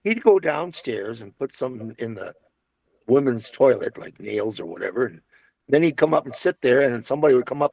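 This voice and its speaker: Brisk and animated, an older interviewee reminisces about his time in restaurants, rambling through restarts and side remarks. He has a creaky, darkish mid-range voice, captured in a dry recording.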